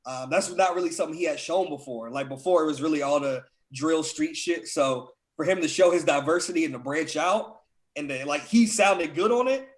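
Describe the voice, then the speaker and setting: A man's voice: a little high, fairly quick. A young man co-hosting a podcast, chatting casually with friends in a loose, filler-heavy way. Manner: loose, filler-heavy, enthusiastic about music. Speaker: podcast co-host. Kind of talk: casual chat.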